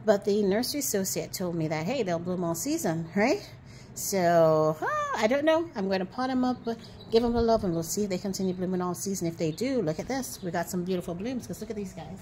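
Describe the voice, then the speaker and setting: A woman's voice: medium pitch, animated, a little fast, darkish tone, a little hiss or hum. A woman hosting a gardening vlog outdoors, chatting casually and playfully to the camera, teasing herself. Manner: chatty, playful, self-teasing, calls viewers beautiful people. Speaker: gardening channel host.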